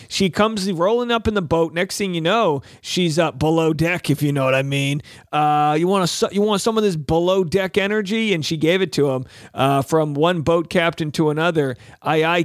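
A man's voice: fairly high pitch, dry recording, studio quality. A man hosting a casual recap show, chatting in a rambling way and acting out quotes in put-on voices. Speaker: host. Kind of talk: casual reality-TV recap monologue.

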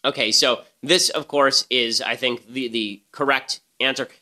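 A man's voice: medium pitch, steady tone, measured pace, bright, forceful tone. A man hosting a political podcast, delivering emphatic, argumentative commentary. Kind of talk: fast opinionated commentary.

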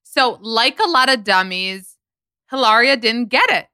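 A woman's voice: fairly high pitch, lively intonation, measured pace, pushed and bright, clear, resonant tone, dry recording. A woman hosting a podcast, chatting casually and animatedly, telling stories with quoted asides. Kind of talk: casual gossip chat.

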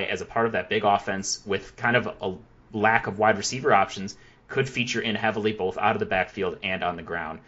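Fast-talking low-voiced podcast host. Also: male voice, a bit bright, lo-fi sound. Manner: brisk, analytical, quick delivery. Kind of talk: casual podcast chat.

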